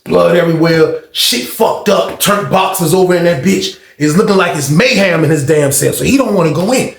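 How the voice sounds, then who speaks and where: Male storyteller host, raised pitch, casual and slangy; echoey room sound. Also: normal speed, gravelly. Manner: loose, slangy storytelling peppered with "man".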